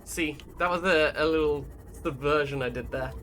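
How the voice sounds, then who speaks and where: A man's voice: on the high side, moderate pace, a bit bright, a little hiss or hum. A man giving rambling, casual commentary while streaming a game and reading out chat messages. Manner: chatty, rambling, reads chat aloud. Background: game music.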